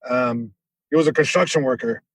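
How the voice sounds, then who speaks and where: A man from Southern California, a comedian guest telling a story on a podcast, animated, with many restarts. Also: medium pitch, fairly quick, no echo, low-quality recording.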